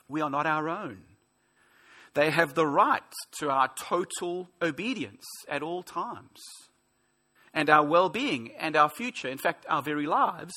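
Man in his 40s, pastor, sermon, bright voice, a touch high, emphatic. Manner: earnest, emphatic preaching with rhetorical questions.

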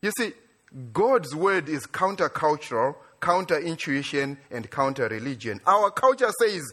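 A man from Africa preaching a sermon in a church, animated, building to excited near-shouts and then dropping low and quiet. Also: normal speed, breathy edge. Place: church in Australia.

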